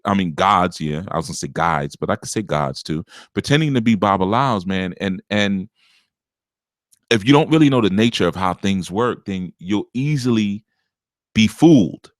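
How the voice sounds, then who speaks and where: A man with a low, rough, gravelly voice that carries a faint scratchiness. He lectures like a spiritual teacher, punchy and blunt, in an unscripted monologue. He is recorded close on a dry mic. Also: lively intonation, moderate pace, no room sound. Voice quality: slight scratchiness at the top of the voice. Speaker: spiritual teacher giving relationship advice.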